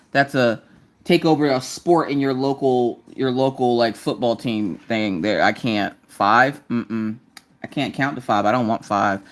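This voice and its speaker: Bright-voiced chatty woman streaming live. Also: sits low. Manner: chatty storytelling, acts out quotes in character voices; talks while working on a craft project. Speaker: live-stream crafting host. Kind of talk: casual chat on a live stream.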